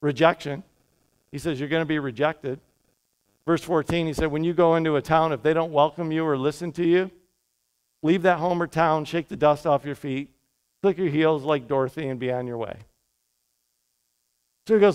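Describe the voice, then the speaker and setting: Male pastor, high clear voice, lively conversational sermon delivery. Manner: energetic, conversational preaching with quick asides. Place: church sanctuary.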